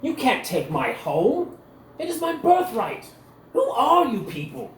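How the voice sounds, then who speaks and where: A haughty male noble from a tabletop game, shrill and sputtering, his voice jumping high with indignation, as a man puts him on. He sounds proud and entitled. The room echoes faintly around him. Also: wildly swooping pitch, measured pace, far from the mic, slight background noise, full character voice. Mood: outraged. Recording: roomy recording with faint ambience.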